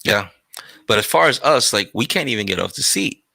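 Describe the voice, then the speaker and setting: Low gravelly ny dude hosting a podcast, bright edgy tone, dry sound. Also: male voice, lively intonation, fairly quick, no room sound. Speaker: podcast host, transit worker. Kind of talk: casual chat.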